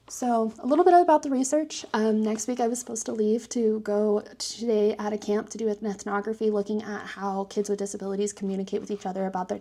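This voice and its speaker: Young woman vlogging, out of breath, lots of vocal fry, goes almost whispery sometimes, earnest. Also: mid-range voice, dark tone. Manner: earnest, dropping to a breathy near-whisper at times. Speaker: PhD student and disability advocate. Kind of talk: personal vlog talk to camera.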